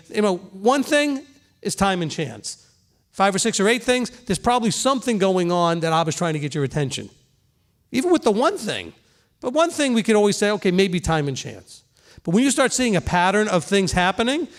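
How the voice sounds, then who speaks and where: Here a middle-aged man with a strikingly high voice pastors through a sermon, keeping things plain and conversational. Earnest throughout, he pauses to ask his listeners "okay?" while teaching.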